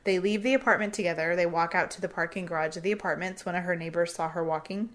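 A woman's voice: lowish voice, fast. A young adult woman co-hosting a podcast, casually retelling a true-crime case and swearing freely as she quotes people. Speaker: podcast co-host.

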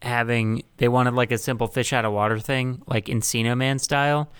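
A man's voice: medium pitch, steady tone, normal speed, a bit bright, clear, resonant tone. A man hosting a casual movie podcast, rambling and joking with many fillers. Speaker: podcast host.

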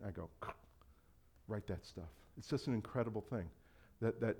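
A man's voice: on the low side, normal speed, dark tone, slightly rough. A male pastor giving a conversational sermon, acting out quoted voices and laughing often.

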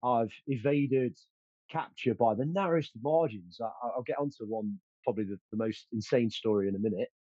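A man's voice: mid-range voice, fairly quick, mellow, breathy edge, dry recording, lo-fi sound. A man telling stories as an interview guest, confident and boastful, with many fillers and restarts. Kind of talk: casual storytelling.

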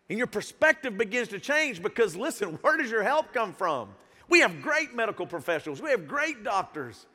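High-voiced preaching man in a reverberant hall. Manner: animated preaching with sudden swings between soft and loud; calls out to the congregation. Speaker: pastor. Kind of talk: sermon. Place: church sanctuary with a live congregation.

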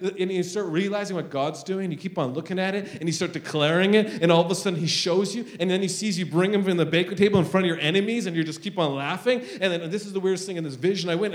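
A middle-aged pastor delivers a sermon in a voice that sits high, intense and earnest throughout. He swings between quiet confessions and loud declarations.

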